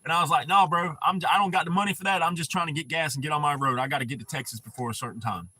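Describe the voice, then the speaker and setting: A man's voice: on the high side, rapid-fire, pushed and bright. A man from North Carolina telling a story in a casual, profane, laid-back chat.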